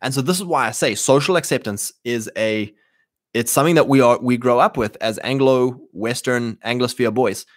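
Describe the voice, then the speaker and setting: A man talking straight to his listeners, punchy and animated, slipping into quick voices for the people he quotes. His voice sits at an ordinary male pitch and sounds close and dry, with no room echo. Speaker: host. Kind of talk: casual monologue to listeners.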